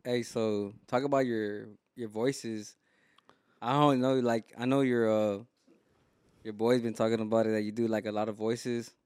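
A man's voice: lowish voice, flat delivery, moderate pace, darkish tone, clear, resonant tone, no room sound, clean studio sound. A man hosting a podcast, egging his guest on with short eager replies. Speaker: podcast host. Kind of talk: casual chat.

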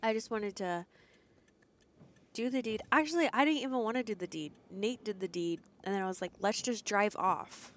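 A woman's voice: mid-range voice, fairly quick. A woman co-hosting a casual podcast from a car, joking around and laughing often. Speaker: podcast co-host. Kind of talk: casual chat. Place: in a parked car.

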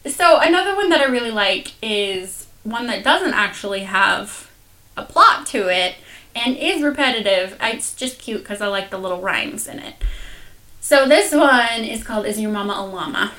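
A young woman in easygoing conversation, quick to laugh and full of little fillers. Her voice is bright and sits a touch high. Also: animated. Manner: chatty, giggly, lots of fillers. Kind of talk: casual chat.

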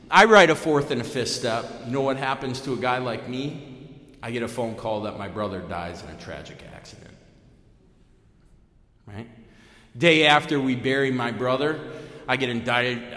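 Man telling his story in an echoey hall. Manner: lively storytelling with big pitch swings, many fillers. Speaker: AA main speaker. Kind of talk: personal recovery talk at a meeting. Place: meeting room. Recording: echoey hall, long reverb.

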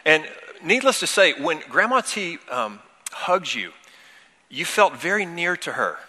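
A man's voice: on the high side, big pitch swings, unhurried, pushed and bright. A middle-aged man pastor preaching a sermon earnestly, telling personal stories. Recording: long hall reverb.

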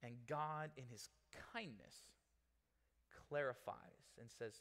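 A man's voice: mid-range voice, takes it slowly, creaky. A male pastor preaching a sermon in a casual, joking, conversational way. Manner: conversational, animated, joking with the audience. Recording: long reverb in a large hall.

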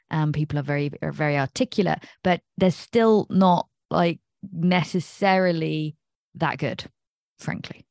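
A woman's voice: lowish voice, darkish tone, no room sound, clean studio sound. An English woman hosting an astrology podcast, talking in a chatty, digressive way and laughing at herself. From England. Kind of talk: casual rambling monologue.

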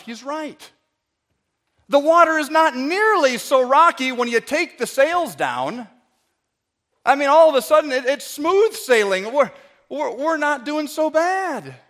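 A male preacher delivers a sermon through an extended parable. His voice sits high for a man, and he often stammers and repeats words as he tells the story. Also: very animated, a little slow, fairly bright tone.

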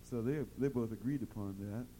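A man's voice: mid-range voice, a little fast, dark tone, slight background noise, poor audio. A man on a live stage telling a long folksy joke in a drawling, rambling way, full of fillers and repeats. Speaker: stage performer.

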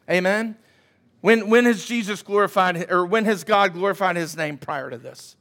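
A man's voice: high voice, normal speed, fairly bright tone. A man preaching a sermon as pastor, emphatic and calling out to his congregation for responses.

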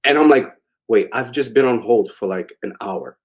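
A man's voice: mid-range voice, normal speed, slightly rough. A young adult man telling a long personal story in a casual, rambling way, with many fillers. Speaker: interview guest.

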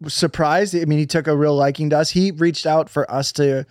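A man's voice: fairly high pitch, fairly even intonation, brisk, a little mellow, no room sound, clean studio sound. A young man co-hosting a podcast, teasing and chatty. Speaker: podcast co-host. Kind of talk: casual chat.

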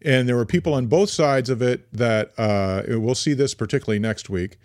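Older male podcast co-host, halting casual delivery, dry studio mic. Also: mid-range voice, darkish tone, dry recording. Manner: hesitant, many fillers and restarts, playful teasing. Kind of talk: casual chat. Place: small home studio. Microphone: studio microphone.

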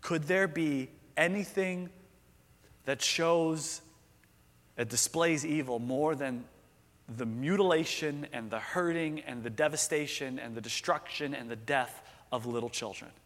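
Guy preaching a sermon, earnest and chatty, kinda high voice, long echo from a big hall. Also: unhurried, a bit bright. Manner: earnest, conversational, rhetorical questions. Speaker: pastor.

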